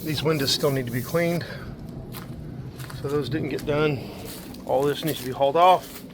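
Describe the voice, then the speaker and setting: A man with a slightly high-pitched voice does a casual walkthrough of a house. He lists repair after repair in a plain, matter-of-fact way. A faint hiss of background noise sits under the phone recording. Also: moderate pace. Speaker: property manager doing a walkthrough. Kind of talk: casual spoken inspection notes. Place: outdoors around a house and yard, then indoors.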